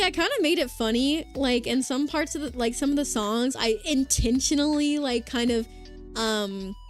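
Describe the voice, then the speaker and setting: A young woman streaming as a vtuber, chatting casually with lots of "like" and "um", her throat sore after hours of talking. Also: high-pitched. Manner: rambling, filler-heavy, reads chat aloud. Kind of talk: casual livestream chat. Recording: faint music behind the voice.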